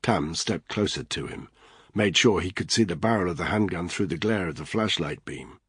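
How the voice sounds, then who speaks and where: A man narrates an action thriller audiobook in a steady, even manner. His voice is deep with a husky edge. The recording is dry and close, with no room sound. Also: moderate pace, no echo.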